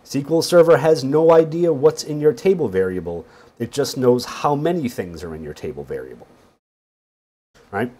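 A man giving a casual, wry screen-share lesson on databases, often checking in with a quick "right?". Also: medium pitch, expressive, warm tone. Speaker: database instructor. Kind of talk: screen-share teaching walkthrough.

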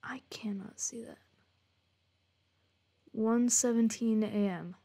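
A woman's voice: a little high, steady tone, takes it slowly, warm tone, a little hiss or hum. A young woman streaming a horror game, joking to her chat and swearing when startled. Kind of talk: horror game let's play commentary.

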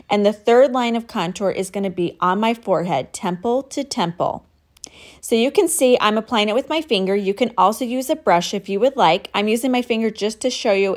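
A woman talks through her makeup routine step by step, upbeat and instructive as she works. Her voice sits at an ordinary middle pitch. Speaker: makeup tutorial host.

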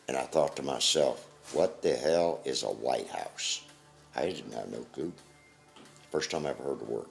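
An older man recounting his memories in an interview, plain-spoken and halting, with pauses and restarts. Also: rumbling low, animated, creaky, soft background music.

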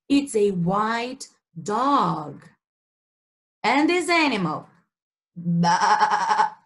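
A woman's voice: on the high side, fairly bright tone. A woman English teacher with a Brazilian Portuguese accent, leading a children's story time and asking simple questions about animals and colors. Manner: slow, exaggerated sing-song questioning for kids.

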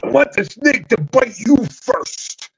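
A man putting on an impression of an intense male wrestling star, drawling high growls and stretching out his words. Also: lively intonation, slow pace, gravelly, breathy edge, exaggerated voice. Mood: insistent. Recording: dull lo-fi audio.

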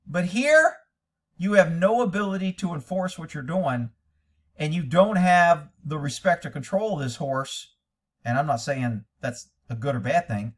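A man's voice: a little high, lively intonation, measured pace, distant mic. A man critiquing a training video as a horse trainer, blunt, profane and lecturing.

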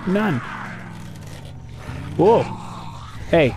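A young man commentating his gameplay, jumpy and talking back at the game, yelping and shouting at times. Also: medium pitch, big pitch swings, takes it slowly, pauses often, over music. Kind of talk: let's play commentary. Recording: noisy game audio underneath.

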